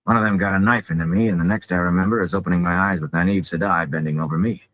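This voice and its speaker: A man voicing a gruff male mercenary soldier who talks bluntly and wearily. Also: low voice, fairly even intonation, very fast, fairly bright tone, no echo, dull audio. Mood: weary.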